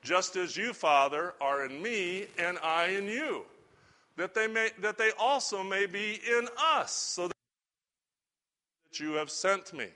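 A man's voice: high-pitched, lively intonation, slow, bright, forceful tone. A middle-aged man preaching a sermon as a pastor, earnest and conversational, asking the congregation rhetorical questions.

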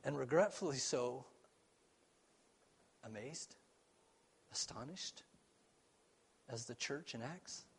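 A man preaching a sermon as a pastor, telling a story earnestly and swinging between raised and hushed passages. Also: medium pitch, animated, takes it slowly, creaky, pauses often, slightly rough.

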